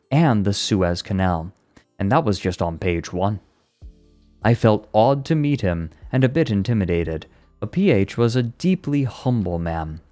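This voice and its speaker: A young man streaming, reading a book aloud in an even voice and breaking off into casual chat. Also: fairly low pitch. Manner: swears and laughs at the text, chatty.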